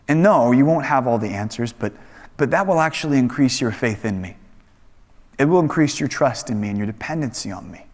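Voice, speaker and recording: A man teaching a young adults Bible study in a casual, conversational sermon style, animated and acting out quoted voices. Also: mid-range voice, moderate pace. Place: church hall. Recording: echoey hall reverb.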